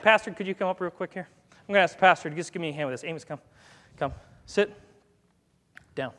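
A man's voice: high voice, racing, sharp tone, big-room sound. A man giving a chatty, folksy sermon and calling commands to a dog as he speaks. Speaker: guest preacher. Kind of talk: conversational sermon with live dog demonstration. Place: church sanctuary.

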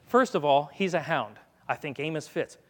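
Folksy preacher, male, high voice, long church-hall reverb, talks easily to the congregation and the dog. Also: expressive, moderate pace, a bit bright. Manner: chatty, folksy, gives dog commands mid-sermon. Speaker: guest preacher. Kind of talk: conversational sermon with live dog demonstration. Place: church sanctuary.

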